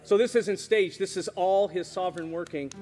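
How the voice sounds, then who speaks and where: A man delivering a sermon from the stage, his slightly high voice animated and emphatic. The sound carries a long reverb from a church auditorium, with soft instrumental music underneath. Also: moderate pace. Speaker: pastor. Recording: reverberant hall with music behind.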